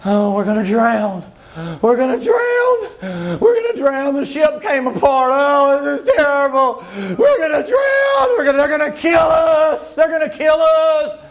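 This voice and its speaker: A man's voice: very high-pitched, sing-song, unhurried, shouting, full character voice. A man preaching voices a terrified sailor crying out in panic during a shipwreck. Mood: panicked.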